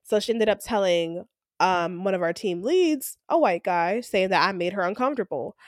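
A woman co-hosting a podcast, telling a workplace story in casual chat and acting out the people in it with lively voices. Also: medium pitch, normal speed, no room sound, clean studio sound. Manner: animated, acts out quoted coworkers. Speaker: podcast co-host.

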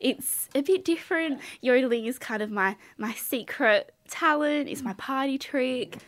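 A young woman, a guest on a radio show, talking softly and a little shyly about her yodeling. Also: sits high, a little slow, no room sound. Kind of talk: casual radio chat and yodeling.

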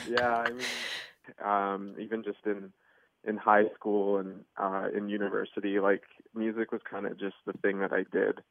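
A young man chats easily down a tinny phone line, his low voice a little gravelly. He rambles a bit, with plenty of fillers and little laughs. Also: little pitch movement, unhurried, a bit bright. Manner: easygoing, chatty, laughs often, many fillers. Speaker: contest winner, guest. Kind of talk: casual phone interview.

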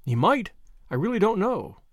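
A man voicing a spirited, plucky young Englishwoman in an audiobook, eager and quick to object. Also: high-pitched, sing-song, dry recording, clean studio sound, voice pushed up.

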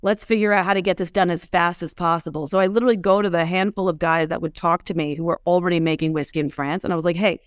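Guesting on a casual interview, an American woman in her thirties who runs a whiskey business talks fast with barely a pause, peppering her animated story with "like" and acted-out quotes. Her voice sits on the low side, clear and resonant, captured in clean studio sound with no room.

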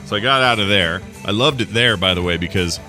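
A man's voice: on the low side, fairly quick, music in the background. A man co-hosting a casual morning chat show, telling rambling stories with many restarts and self-interruptions. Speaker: podcast co-host.

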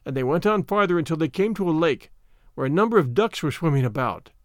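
Man reading fairy tales, lively and dry. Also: on the high side, no room sound. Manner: measured, expressive storytelling. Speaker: storyteller.

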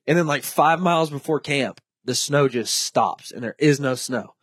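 A man's voice: mid-range voice, normal speed, slightly rough, dry recording, clean studio sound. A young man hosting a podcast, telling stories casually and acting out the people he quotes. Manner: animated storyteller, acts out quoted voices. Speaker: podcast host. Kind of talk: casual storytelling chat.

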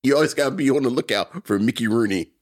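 A man's voice: mid-range voice, fast talker. A man co-hosting a podcast, chatting casually and joking with his co-hosts. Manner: playful, joking, lively banter. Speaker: podcast co-host. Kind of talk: casual chat.

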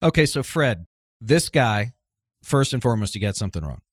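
A man's voice: medium pitch, big pitch swings, normal speed, husky, dry recording, studio quality. A man hosting a political podcast panel, steering the conversation with questions to his guests. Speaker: podcast host. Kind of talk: casual panel discussion.

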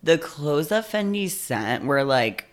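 A man co-hosting a casual vlog chat, talking fast with his words run together and teasing his partner. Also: a little high, very animated. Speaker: co-host.

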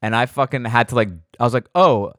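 A man's voice: mid-range voice, fast, fairly bright tone, dry recording. Male podcast host, dry close sound. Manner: conversational, opinionated, swears casually. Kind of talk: casual conversation.

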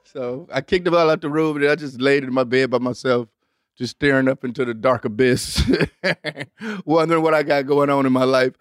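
A young adult man hosting a show, telling a rambling, profane story in an animated way and acting out other people with big jumps in pitch. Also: normal speed, no echo, studio quality. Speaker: host. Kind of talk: storytelling monologue.

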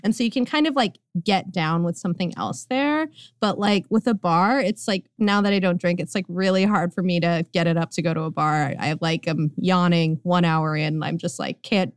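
A woman guest on a podcast, chatting casually, full of "like" fillers and quick laughs. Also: on the low side, clear, resonant tone, no echo, clean studio sound. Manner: laughing often, lots of "like" fillers. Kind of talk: casual chat.

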